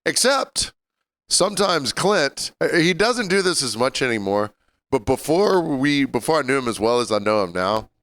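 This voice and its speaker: A man's voice: medium pitch, big pitch swings, moderate pace, fairly bright tone, no echo. A man co-hosting a podcast, telling crude stories in casual banter and laughing often. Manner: laughing, storytelling, crude humor. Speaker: podcast co-host.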